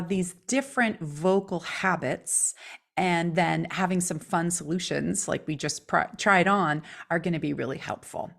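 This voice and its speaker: Expressive woman podcast co-host. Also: on the low side. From California. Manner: expressive, plays with intonation to demonstrate. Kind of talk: casual podcast conversation.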